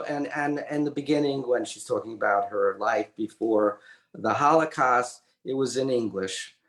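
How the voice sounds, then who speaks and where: An older man, an author and illustrator, telling a personal story as an interview guest in a halting way with many fillers and restarts. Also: medium pitch, fairly bright tone. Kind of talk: conversational storytelling. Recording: roomy echoey audio.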